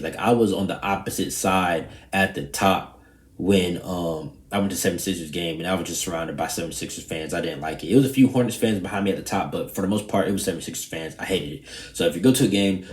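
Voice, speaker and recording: A young man with a very low voice talks loosely to his viewers, rambling and cursing. The room gives his voice an echoey ring. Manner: loose, rambling and profane, animated when retelling. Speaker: vlogger. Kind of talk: casual vlog chat.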